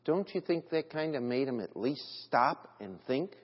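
A man's voice: medium pitch, animated, normal speed, husky. A man preaching an evening sermon in an earnest, emphatic way, reading scripture aloud. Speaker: pastor. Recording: dull audio with long church reverb.

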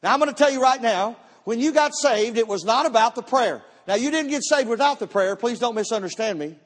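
A man's voice: extremely high pitch, lively intonation, a little fast. A man preaching a sermon to a church, telling a story with emphatic, repeated words. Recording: long church hall reverb.

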